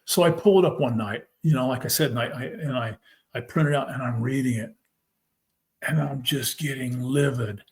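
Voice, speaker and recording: A man telling his own story as a podcast guest, emphatic and animated, acting out what others said. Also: medium pitch, normal speed. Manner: animated, retells scenes by quoting people; emphatic, fervent. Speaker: podcast guest, former football player. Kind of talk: personal storytelling in a conversation.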